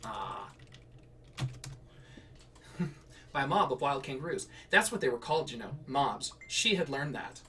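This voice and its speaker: A man's voice: mid-range voice, big pitch swings, measured pace, long pauses, bright, forceful tone, recorded from a distance, a little hiss or hum. A man streaming himself writing and reading flash fiction in a casual way, laughing and correcting himself with rambling asides.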